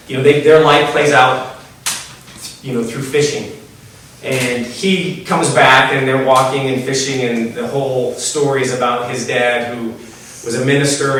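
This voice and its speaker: A male storyteller speaks to an audience in a loose, halting way with many restarts. His voice sits at a middle pitch and comes from well back from the mic. The hall around him is very reverberant, with a faint hiss. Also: a bit bright. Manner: conversational, many fillers and restarts. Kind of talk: personal storytelling talk. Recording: echoey hall from far off.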